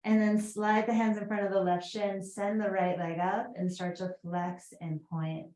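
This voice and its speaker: A woman's voice: mid-range voice, fairly even intonation, moderate pace, mellow, reverberant, low-quality recording. A woman with a Boston accent teaching a guided yoga class, chatty, with rambling asides and fillers.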